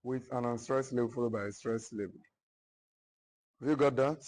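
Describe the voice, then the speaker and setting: A man teaching literature in a classroom, slowly repeating each point and often checking whether his students follow. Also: medium pitch, a little mellow, rough recording. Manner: slow, repetitive, checks understanding often. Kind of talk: classroom lecture.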